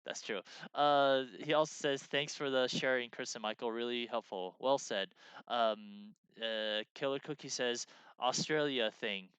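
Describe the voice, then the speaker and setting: Man, co-host, casual rambling chat, smooth resonant voice, dry sound. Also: medium pitch, unhurried, a bit bright, no echo. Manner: rambling, many fillers and restarts. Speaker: co-host of a game design stream. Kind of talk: casual chat, reading out chat messages.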